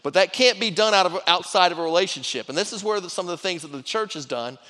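Middle-aged pastor guy preaching, bright voice kinda high, lots of hall reverb. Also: fast talker. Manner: repeats himself and restarts while preaching, conversational. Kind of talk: sermon.

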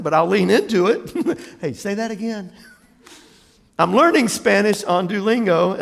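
A man from Jacksonville, Florida, preaching a sermon as pastor, an animated storyteller with laughing asides who acts out voices. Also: high-pitched, creaky, big-room sound. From Jacksonville, Florida, USA.

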